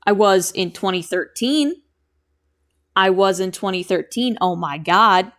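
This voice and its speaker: A woman's voice: mid-range voice, measured pace, a bit bright. A young woman streaming from home, chatting casually and rambling as she answers her chat while she draws. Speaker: streamer and animator.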